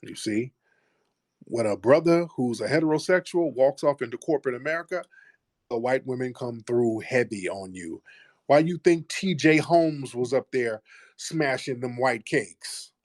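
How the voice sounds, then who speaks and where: A man's voice: mid-range voice, animated, normal speed, darkish tone, no room sound, studio quality. A man hosting a live call-in show, talking in a blunt, preachy, confrontational way. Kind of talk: heated casual talk.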